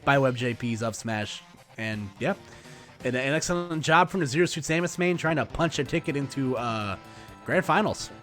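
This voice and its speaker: A man's voice: medium pitch, expressive, moderate pace, a bit bright, faint music behind. Wisecracking man on esports color commentary. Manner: loose, rambling, wisecracking.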